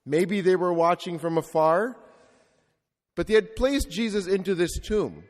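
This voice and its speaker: A man's voice: high-pitched, unhurried. A male Catholic priest preaching a sermon with reflective storytelling and rhetorical repetition. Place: church. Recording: long reverb of a large church.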